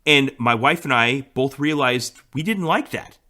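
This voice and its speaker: Bright-voiced man telling stories. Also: mid-range voice, measured pace. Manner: storytelling, laughs often. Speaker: podcast co-host. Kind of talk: casual chat.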